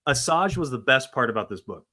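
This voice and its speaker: A man's voice: mid-range voice, big pitch swings, brisk, a loud crowd. A man co-hosting a casual book club livestream, arguing his point emphatically and with disbelief. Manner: emphatic, incredulous.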